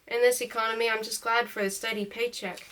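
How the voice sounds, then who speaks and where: A woman reading an audiobook, voicing a relaxed, friendly young male biker. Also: a little high, quick pace. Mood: easygoing.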